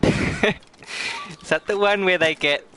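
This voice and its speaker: A middle-aged man streams a game and chats casually with viewers in a high-pitched, slow, bright and forceful voice, with a little hiss or hum in the audio. He's giggly and chatty, often breaking into fits of hard laughter while talking to chat.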